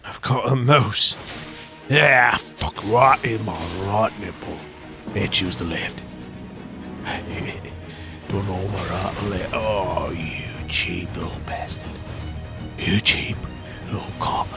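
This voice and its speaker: Croaky man in a put-on Cockney accent. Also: fairly low pitch, slow pace, pauses often. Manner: swaggering, cocky boxer bravado with frequent swearing. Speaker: gaming streamer. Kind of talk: in-character gameplay commentary. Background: game music.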